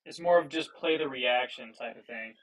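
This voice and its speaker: A man's voice: mid-range voice, moderate pace. A man hosting a live trading stream, talking casually and loosely with fillers and swearing, picked up on wireless earbuds. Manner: loose, profane, thinking aloud with fillers. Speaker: livestream trading host. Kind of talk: casual live market commentary. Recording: distant, thin earbud mic.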